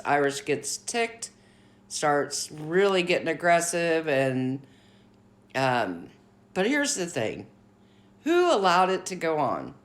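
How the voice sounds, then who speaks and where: A woman hosting her own commentary vlog, giving blunt, outspoken opinions in a casual talking style. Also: on the low side. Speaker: commentary channel host.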